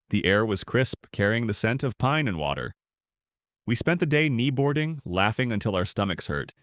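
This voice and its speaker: A middle-aged man, a pastor, narrating his own book in a measured, reflective storytelling manner. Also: fairly low pitch, dry recording, clean studio sound. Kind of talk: scripted audiobook narration.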